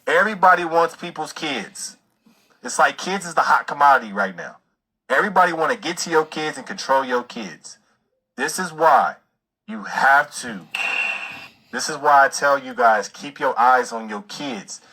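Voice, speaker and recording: A man's voice: medium pitch, animated, normal speed, sharp tone, breathy edge, rough recording. A man giving emphatic, repetitive commentary in a lecturing, preachy tone. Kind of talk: preachy social-media commentary.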